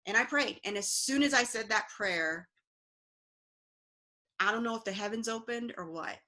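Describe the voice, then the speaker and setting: A woman's voice: fairly high pitch, moderate pace, pushed and bright. A woman, an interview guest, earnestly recounting a personal story with fillers and restarts.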